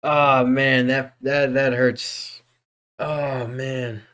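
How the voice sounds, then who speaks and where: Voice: medium pitch, level tone, drawn-out words, a bit bright. A streamer in a casual live-stream chat who vents with exasperation, groans and swears, and keeps calling viewers bro, dude and guys. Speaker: streamer teaching 3D character creation.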